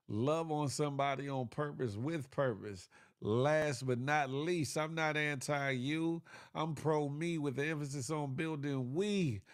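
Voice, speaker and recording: A man's voice: on the high side, dry recording, clean studio sound. A man hosting a casual morning show, tired and a little congested, laid-back and laughing often as he reads viewer comments. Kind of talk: casual live-stream chat reading viewer comments.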